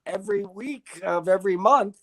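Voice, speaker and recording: A man's voice: high-pitched, normal speed. An older man, a guest in a casual interview, telling long stories in a wry, self-deprecating way.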